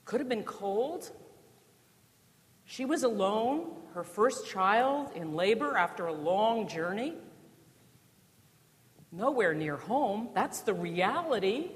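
A woman from New Jersey preaching a sermon in a conversational way, with rhetorical questions and dry humor, in a church. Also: mid-range voice. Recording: long reverb of a church.

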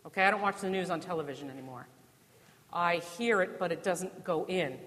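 A woman's voice: lowish voice, fairly quick, fairly bright tone. A woman from New Jersey preaching a sermon in a conversational way, with rhetorical questions and dry humor, in a church. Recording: long reverb of a church.

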